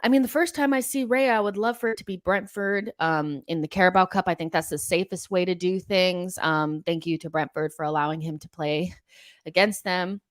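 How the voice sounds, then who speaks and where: Low-voiced woman hosting a fan stream. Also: fairly even intonation, normal speed, no echo, clean studio sound. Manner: chatty, many ums and likes, frank opinions. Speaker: host of a football fan show. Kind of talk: casual live-stream chat reading viewer comments.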